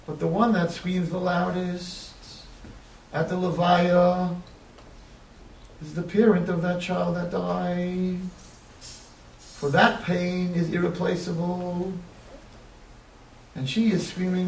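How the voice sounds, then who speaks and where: A man's voice: high-pitched, completely flat delivery, slow pace, creaky, pauses often, darkish tone, slight background noise. Impassioned preacher man in an echoey hall. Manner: impassioned, building to crying pleas. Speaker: rabbi. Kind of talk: sermon. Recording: echoey, distant mic, faint ambience.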